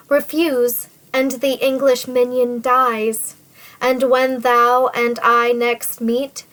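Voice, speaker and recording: A woman's voice: fairly high pitch, a bit bright, low-quality recording. A woman reading the part of a scheming, vengeful nobleman who threatens a captive woman in sneering, old-fashioned formal speech. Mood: threatening.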